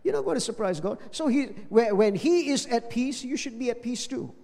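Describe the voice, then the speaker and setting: A man's voice: extremely high pitch, expressive, a little fast, gravelly, warm tone. A man preaching a sermon, asking the congregation rhetorical questions. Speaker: pastor. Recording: long hall reverb.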